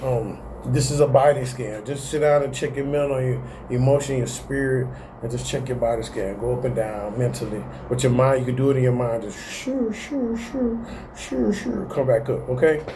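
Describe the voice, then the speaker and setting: A man's voice: medium pitch, steady tone, brisk, mellow, a little hiss or hum. A man hosting a casual self-help video, talking animatedly in slang and often laughing at himself. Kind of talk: casual motivational talk to camera.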